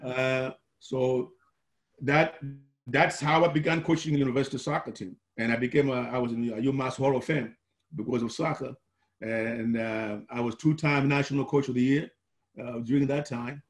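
An older man recounts his years as a coach in a recorded interview. He tells it with animation, acting out the lines of the people he remembers. His voice sits at an ordinary middle pitch. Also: normal speed. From Malawi. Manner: animated, acts out quoted dialogue. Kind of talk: oral history storytelling.

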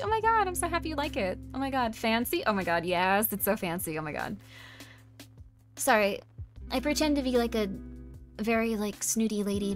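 A woman streamer chatting casually with her live chat, bubbly and self-deprecating, with lots of giggles and "like.". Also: a little high. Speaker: VTuber streamer.

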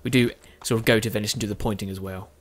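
A man's voice: on the low side, fairly even intonation, rapid-fire, slight background noise. A tired man, chatting casually as he plays a game and often correcting himself. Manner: rambling, self-correcting, chatty. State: tired with a sore throat. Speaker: gaming video host.

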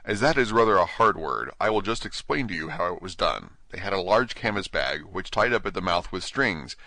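A man narrating an audiobook with expressive storytelling. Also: low-pitched, a little fast, no echo.

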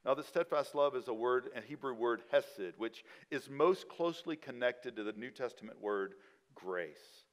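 Man preaching with big swings in loudness. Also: animated, a little slow. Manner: dynamic preaching, swinging from loud emphatic peaks to quiet low endings. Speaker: pastor. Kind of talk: sermon. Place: church.

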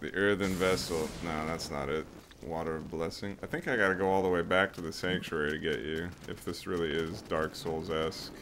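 A man's voice: deep voice, fairly even intonation, a little fast, noisy background. A man joking and laughing through co-op gaming commentary, with music behind. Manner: jokey, laughs often. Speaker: co-op gamer. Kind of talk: let's play commentary. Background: background music.

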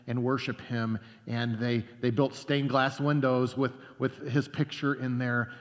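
A male pastor delivers his sermon from the sanctuary, his voice ringing out into a long church reverb. He speaks earnestly, at a mid pitch, and slows down to drop soft on the words that matter most. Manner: earnest preaching, slows down and drops soft on key phrases.

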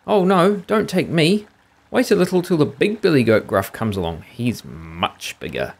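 A man's voice: fairly high pitch, animated, moderate pace, vocal fry, slightly rough, voice pushed up, full character voice. A man voicing a nervous middle-sized goat. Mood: pleading. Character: middle billy goat, anxious and polite.

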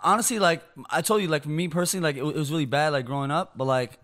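Very fast-talking joking male guest. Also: fairly high pitch, fairly bright tone. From Yemeni family. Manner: joking, candid. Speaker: podcast guest. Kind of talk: casual chat.

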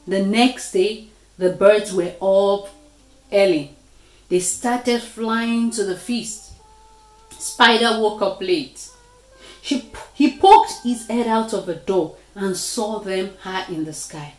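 A woman with a medium-pitched voice reads a children's story aloud, slowly and expressively. The recording is in an echoey room.

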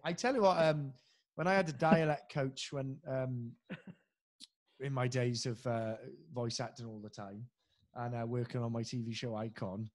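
Welsh guy hosting a podcast, casual chat, animated stories, lots of swearing. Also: mid-range voice, normal speed, no echo. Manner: animated storytelling, slips into impressions, swears freely. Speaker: podcast host and impressionist.

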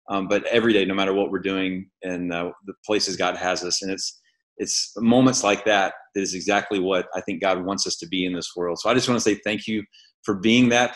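A man interviewing a guest in an online church service, speaking in a warm, encouraging way. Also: on the low side.

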